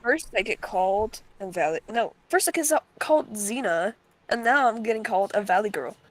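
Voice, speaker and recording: A woman's voice: medium pitch, expressive, a little fast. A teenage girl co-hosting a stream, chatting casually in a dramatic, exasperated, teasing way. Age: teens. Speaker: stream co-host. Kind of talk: casual chat.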